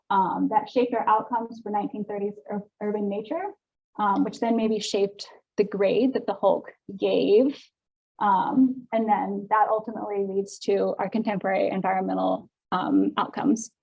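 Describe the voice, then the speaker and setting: A woman's voice: medium pitch, creaky, a little mellow, rough recording. A woman giving an academic seminar talk, explaining research carefully with frequent ums, her voice sounding tired. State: voice getting tired. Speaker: seminar speaker.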